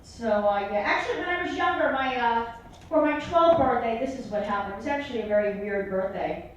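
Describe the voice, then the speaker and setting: A woman's voice: a little high, brisk, muffled recording, slight background noise. A middle-aged woman performing a stand-up comedy set, telling family stories and acting out her relatives' voices. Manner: storytelling, acts out relatives' voices. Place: comedy club stage. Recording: echoey live room, mic at a distance.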